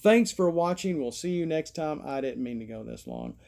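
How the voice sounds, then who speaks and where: Folksy Alabama man, vlogger, meandering self-deprecating monologue, a touch high-pitched. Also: huge pitch swings, normal speed, vocal fry, a little mellow. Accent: Alabama Southern. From Southern US. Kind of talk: rambling casual monologue.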